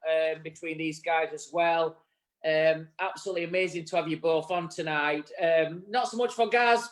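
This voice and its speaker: A man co-hosting an online industry show, chatting casually and bantering with guests he has known for years. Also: a little high. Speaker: podcast co-host. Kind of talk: casual chat.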